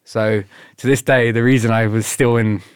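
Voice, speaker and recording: A man's voice: mid-range voice, flat delivery, moderate pace, clean tone, no room sound, clean studio sound. A man telling stories in a casual interview, laughing often and swearing as he acts out what others said to him. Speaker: guest.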